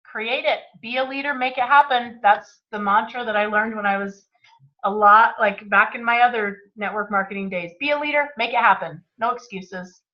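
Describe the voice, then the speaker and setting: A woman's voice: on the high side, moderate pace. A woman co-hosting an online book club, summing up a chapter in an upbeat, emphatic, motivational way. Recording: muffled, lo-fi audio.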